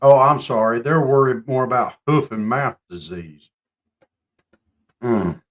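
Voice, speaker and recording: A man ranting on a live talk show, mocking and swinging between loud outbursts and low mutters. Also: expressive, unhurried, highs cut off. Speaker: show co-host. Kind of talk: casual political chat.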